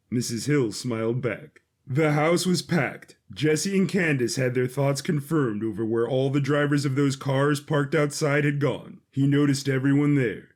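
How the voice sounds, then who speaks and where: A man narrating his own audio drama in an expressive, animated way. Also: mid-range voice. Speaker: writer and narrator.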